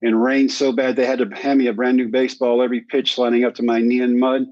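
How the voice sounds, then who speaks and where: A man of about sixty spins a long personal story, playing out each quoted line as he goes. His voice sits at an ordinary middle pitch. The recording is dry, with a slightly dull, muffled top end. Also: quick pace, dry recording. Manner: animated storyteller who acts out quoted dialogue. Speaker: guest. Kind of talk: storytelling in a sit-down conversation.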